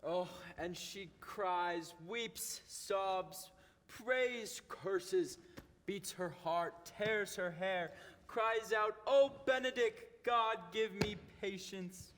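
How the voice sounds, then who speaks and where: A man playing a playful, high-voiced young noble. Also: extremely slow, fairly bright tone, soft background music, full character voice. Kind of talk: stage play performance. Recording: reverberant hall, faint noise.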